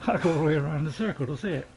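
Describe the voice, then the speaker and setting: A man's voice: a little high, gravelly, background noise. A man giving rambling, apologetic let's play commentary as a gaming channel host, chuckling to himself.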